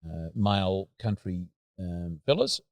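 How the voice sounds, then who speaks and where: An Australian man hosting a casual interview, asking questions in a halting, hesitant way as he searches for words. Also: sits low, lively intonation, dry recording. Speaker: podcast host.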